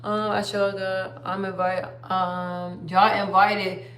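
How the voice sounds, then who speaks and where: A woman's voice: mid-range voice, little pitch movement, slow pace, fairly bright tone, a little hiss or hum. A young woman chatting casually on a phone live stream, rambling and trailing off. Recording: roomy echo.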